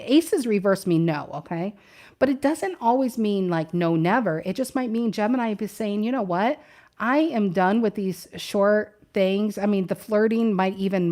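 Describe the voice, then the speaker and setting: A woman's voice: mid-range voice, darkish tone. A woman doing a casual tarot reading, chatty and thinking aloud, often repeating her questions to the cards. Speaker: tarot reader.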